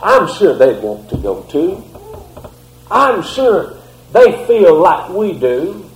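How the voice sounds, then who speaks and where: A troubled husband and father coaxing his wife to leave with him, earnest and repetitive, as a preacher acts him out. His man's voice sits on the higher side. The sound rings around an echoey room. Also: big pitch swings, takes it slowly, exaggerated voice. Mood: pleading. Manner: pleading, earnest, repeated coaxing. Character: worried husband and father pleading to move.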